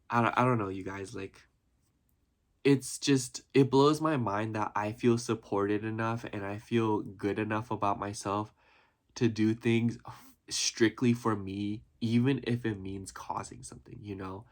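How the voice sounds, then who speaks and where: A man's voice: fairly low pitch, steady tone, moderate pace. A man vlogging casually about his life, earnest and rambling, full of "you know" and "like", getting emotional at times. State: emotional, near tears at times. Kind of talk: reflective casual vlog talk.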